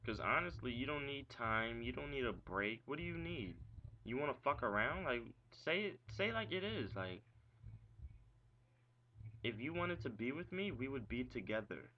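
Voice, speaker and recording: A man's voice: medium pitch, lively intonation, normal speed. A young man venting angrily about his ex-girlfriend in a profane, rambling vlog rant, full of "like" and rhetorical questions. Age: young adult. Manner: agitated, profane ranting with frequent "like". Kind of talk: ranting vlog monologue. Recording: dull lo-fi webcam audio with faint hiss.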